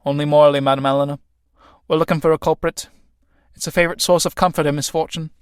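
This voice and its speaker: A man's voice: fairly high pitch, steady tone, quick pace, smooth, no echo, studio quality, close to an everyday voice. A man voicing a wry, talkative male company manager in a read-aloud play.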